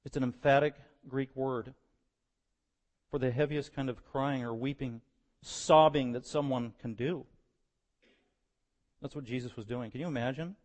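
A man preaching a sermon, moving between quiet verse-by-verse teaching and loud, impassioned stretches. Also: medium pitch, fairly even intonation, moderate pace, pauses often.

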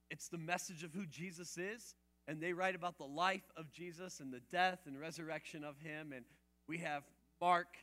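A male preacher with a high, bright, ringing voice delivers a sermon. He keeps it chatty, throwing questions at the listeners, then drops to quiet asides before building to loud, emphatic bursts. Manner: conversational, asks the audience questions.

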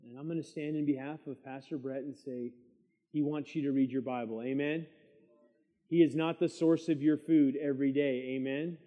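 A middle-aged man teaching a midweek church Bible study, preaching in a lively way and drawing amens from the room. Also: medium pitch, moderate pace, narrow, tinny audio. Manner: lively preaching with call-and-response asides. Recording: long church hall reverb.

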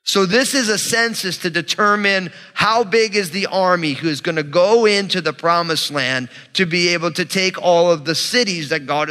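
A male pastor gives a sermon with a bright, forceful tone and a slightly high voice. He teaches conversationally, speaking to his congregation, and a long reverb hangs in the church hall.

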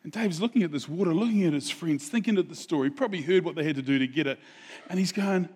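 A man preaching a sermon, telling a Bible story in a relaxed, conversational way and asking the audience questions. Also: fairly high pitch, fast, husky. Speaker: pastor.

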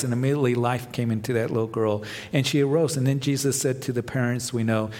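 A male pastor delivering a sermon, with rising emphasis and soft dramatic drops. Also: medium pitch, fairly even intonation, fast, hardly any pauses. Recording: long reverb of a large hall.

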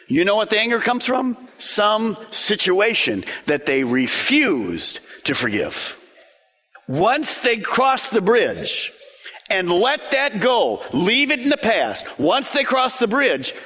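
A man preaching a sermon with a bright, higher voice that swings widely in pitch. He drives his points home with rhetorical questions and rapid lists, and his voice carries a long reverb from a large hall. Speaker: pastor.

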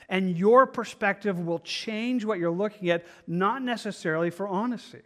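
A man's voice: high voice, normal speed, hardly any pauses. A man teaching a Bible study in an earnest, conversational way, often restarting his phrases. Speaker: pastor.

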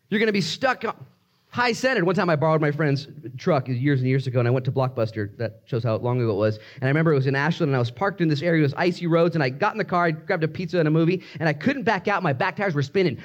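A man preaching a sermon, telling personal stories and acting out quotes, with sudden swings between loud bursts and hushed asides. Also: on the high side, dull audio. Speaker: pastor.

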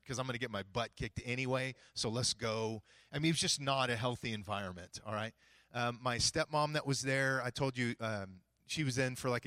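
A middle-aged male pastor preaching a sermon, telling a personal story and acting out both sides of a conversation with big swings in pitch and volume. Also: no echo. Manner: animated, acts out dialogue with big jumps in pitch and volume.

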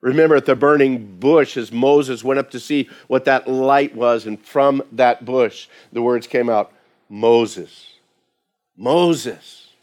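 A man's voice: mid-range voice, fairly even intonation, a little slow, hardly any pauses, a little mellow. A man preaching a sermon as pastor, talking conversationally and acting out quoted voices.

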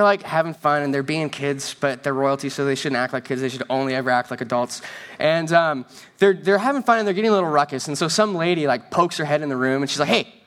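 A man's voice: a little high, fairly bright tone. A man preaching a sermon from a church stage, in a conversational style with joking asides and quoted voices acted out. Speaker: pastor.

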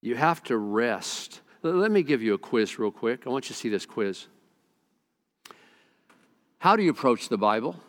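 Middle-aged man, pastor delivering a sermon; earnest, halting restarts, plain mid-range voice. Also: mid-range voice, big pitch swings, fairly bright tone. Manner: earnest storytelling with repeated stammered restarts.

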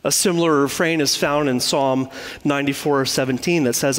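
A man giving a sermon in a measured way, repeating key phrases for emphasis. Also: mid-range voice, fairly even intonation, long reverb tail. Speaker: pastor.

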